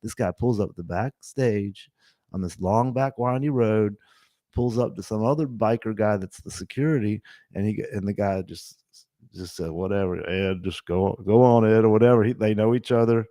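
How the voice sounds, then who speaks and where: A man's voice: lowish voice, normal speed, warm tone, no echo, studio quality. A man in his fifties, a podcast host telling a story in a loose, rambling way with many restarts. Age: 50s. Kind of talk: casual storytelling.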